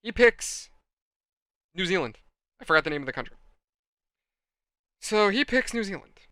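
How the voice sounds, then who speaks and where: This is a man hosting a hobby video, telling an animated anecdote with plenty of exasperation. His voice sits a little high and sounds bright and smooth. The recording is close and dry. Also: moderate pace, no echo. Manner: animated, exasperated storyteller, addresses viewers. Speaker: hobby channel host. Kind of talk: rambling anecdote while model building.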